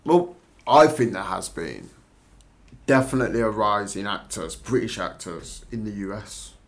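A man's voice: on the low side, animated, measured pace. Male podcast host, earnest and explanatory, casual chat. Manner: explains his theories at length, earnest.

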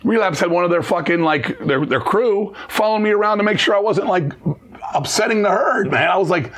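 A middle-aged man telling blunt, profane stories in an interview and acting out the voices of the people in them. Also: high voice. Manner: fast, swearing, animated, acts out quoted voices. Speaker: interview guest, metal musician. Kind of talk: profane storytelling chat.

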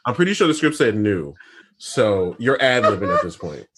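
A man's voice: on the low side, big pitch swings, normal speed. A man in casual chat giving dry, joking commentary. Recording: loud background noise.

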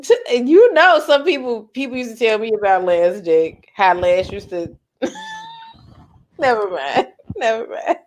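A woman's voice: a little high, lively intonation, a little slow, slight background noise. Laughing, profane woman in casual chat. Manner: loose, profane, laughs often. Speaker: podcast co-host.

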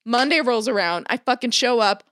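A woman in casual chat who tells a story in an animated way, swears constantly and acts out the people she quotes. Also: on the high side, fairly quick, dry recording, studio quality.

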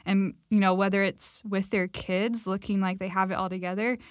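A young woman co-hosts a relaxed faith conversation over a call. She sounds eager and chatty and leans on "like" as a filler. Her voice sits in a middle pitch and the sound is dry and close. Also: normal speed, no echo. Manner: enthusiastic, many "like" fillers. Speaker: podcast co-host. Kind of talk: casual faith-based conversation.

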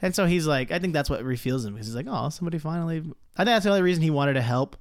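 Young male co-host, expressive and bouncy, dry studio mic, casual review chat. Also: a little high, very fast, dry recording. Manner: animated, laughs often, acts out quotes. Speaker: podcast co-host.

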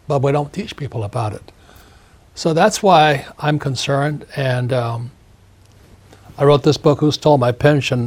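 Husky older guy ranting hard in an interview, says things twice. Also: medium pitch. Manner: emphatic, ranting, repeats phrases. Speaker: author and interview guest. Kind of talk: opinionated interview talk.

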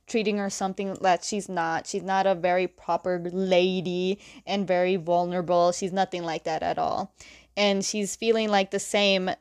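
A woman's voice: medium pitch, a little mellow. A woman casually retelling a comic book story in a chatty way, often saying "like" and laughing between plot points.

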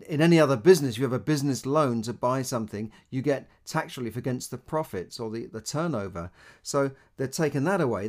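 A man hosting a money podcast as a landlord, talking in an emphatic, indignant way. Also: medium pitch. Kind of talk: casual podcast commentary.

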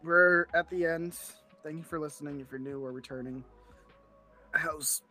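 A man's voice: a little high, fairly even intonation, moderate pace, pushed and bright, soft background music. Laid-back, rambling male podcast co-host. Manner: rambling, laughing, trailing off mid-sentence. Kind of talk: casual chat.

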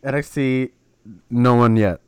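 A man's voice: medium pitch, unhurried, clear, resonant tone, no echo. A man co-hosting a podcast, wry and teasing, running through rosters in casual wrestling chat. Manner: wry, teasing, lists facts. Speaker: podcast co-host.

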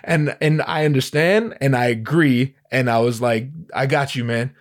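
A man hosting a podcast, telling a story in a casual, animated way, with lots of stammering restarts and profane slang. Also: medium pitch, normal speed. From Southern California. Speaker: podcast host.

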